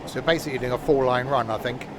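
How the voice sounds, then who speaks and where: A man's voice: mid-range voice, steady tone, very fast, background noise. A man chatting casually while live-streaming a train game, with joking asides.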